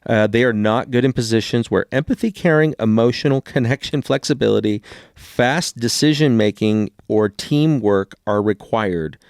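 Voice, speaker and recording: A man's voice: medium pitch, moderate pace, vocal fry, darkish tone, smooth, no room sound, clean studio sound. A man in his forties, a co-host in casual chat, talking bluntly and swearing freely.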